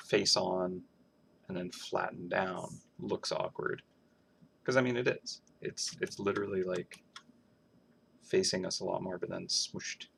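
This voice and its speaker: Man, game artist thinking aloud while drawing, slow unhurried speech, wry and self-questioning. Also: low-pitched, gravelly, a little hiss or hum. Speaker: game artist streaming his work.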